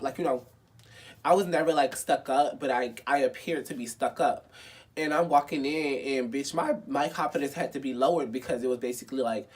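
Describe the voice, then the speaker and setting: A young man in his twenties tells a personal story in a casual vlog, dramatic and expressive, swearing freely and saying "like" a lot. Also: mid-range voice, a little fast, husky. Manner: dramatic, expressive and profane, with lots of filler "like". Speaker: vlogger.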